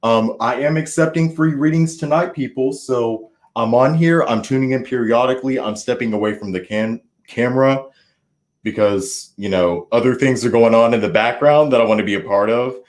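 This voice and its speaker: A man reading tarot on a casual livestream, talking loudly and swinging from mumbles to shouts, at a party indoors. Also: mid-range voice, moderate pace. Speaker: tarot reader hosting a livestream. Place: indoors at a New Year's party. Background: faint party music.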